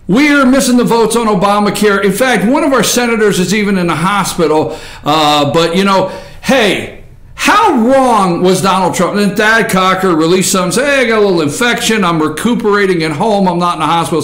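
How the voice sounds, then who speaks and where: A talkative man with a drawl hosts a casual morning show, jumping between jokes and news. His voice sits high and he often breaks into shouts. The room around him is echoey. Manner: rambling, animated, jokey, often shouting. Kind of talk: casual talk show monologue.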